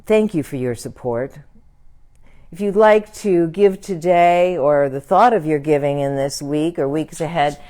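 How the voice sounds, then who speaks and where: A woman minister leading a prayer and closing a church service in a gentle, prayerful way. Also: sits low, a little slow.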